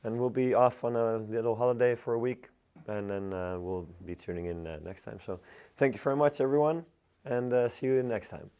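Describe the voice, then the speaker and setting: A Dutch man, a hoarse and unwell floristry teacher, chatting casually while hosting a live arranging demonstration. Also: medium pitch, a little fast, few pauses. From Netherlands. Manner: relaxed, chatty, many fillers.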